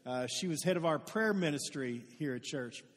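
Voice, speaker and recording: A man's voice: fairly high pitch, lively intonation, normal speed. A man preaching a sermon as pastor, telling stories earnestly and building to emphatic peaks. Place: church sanctuary. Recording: long reverb of a large hall.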